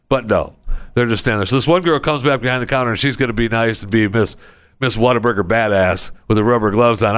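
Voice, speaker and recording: Speaking at a quick pace, a man with a fairly bright, clear and resonant tone hosts a podcast from a studio. He wanders through a sarcastic, comedic monologue, mimicking other people in high voices.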